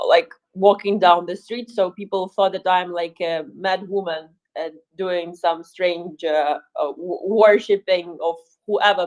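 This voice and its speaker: A woman's voice: on the low side, a little mellow, low-quality recording. Woman talking with many fillers. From Ukraine. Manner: thoughtful, many fillers and restarts, dry humor. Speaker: volunteer speaker. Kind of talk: casual chat in a live audio room.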